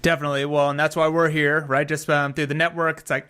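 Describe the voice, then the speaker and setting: A man's voice: a little high, level tone, fast, sharp tone, smooth. A man hosting a podcast, upbeat and friendly as he wraps up the interview. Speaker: podcast host.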